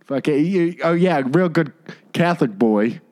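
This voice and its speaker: A man's voice: a little high, animated, a little slow, a little mellow. A man, co-hosting a podcast and ranting heatedly with lots of swearing. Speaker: podcast co-host.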